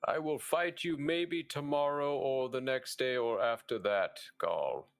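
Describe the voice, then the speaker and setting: A man's voice: medium pitch, a little slow, creaky, smooth, no echo, clean studio sound, faint music behind. A man playing a stiff, formally spoken, sleepy warrior in a tabletop game. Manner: stilted formal speech.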